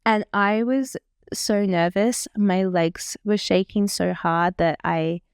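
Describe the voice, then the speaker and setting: A woman's voice: medium pitch, fairly even intonation, takes it slowly, clean tone, no room sound. A young woman in her twenties rambles happily as she reacts to her old clips. She is chatty and self-mocking. Her voice is recorded dry and close, with no room sound. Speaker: vlogger. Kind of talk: casual reaction chat.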